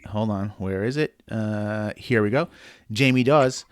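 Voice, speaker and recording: A man's voice: fairly low pitch, unhurried, clean tone. A man co-hosting a casual podcast, reading out a listener email with bro-ish jokes. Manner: joking, bro-ish banter. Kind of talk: casual chat.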